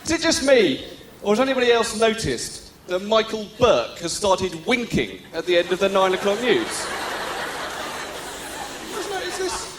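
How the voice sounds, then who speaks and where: A man's voice: high-pitched, wildly swooping pitch, normal speed, roomy sound, noisy background. A man doing live stand-up in a theatre, teasing the crowd in a sardonic way. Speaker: stand-up comedian. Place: theatre stage. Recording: live theatre recording with loud audience.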